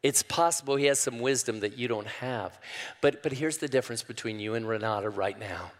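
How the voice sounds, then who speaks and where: Older pastor with hall reverb. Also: male voice, mid-range voice, fairly quick. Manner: preaching with sudden loud rises to quoted scripture; folksy, addresses the crowd as y'all. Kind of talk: sermon.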